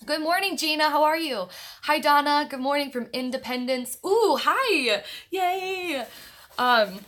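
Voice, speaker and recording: A woman's voice: sits high, steady tone, moderate pace, fairly bright tone. A young woman chatting on a casual livestream from her grandmother's house, greeting viewers by name with many fillers. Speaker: livestream host of an online book club.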